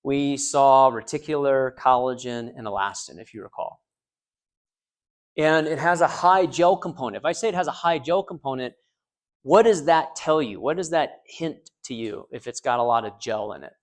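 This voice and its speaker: A man's voice: medium pitch, normal speed. A man lecturing a small university class, joking and quizzing students, with frequent restarts. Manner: joking, asks the class questions, repeats students' answers; frequent restarts and fillers, loose conversational delivery.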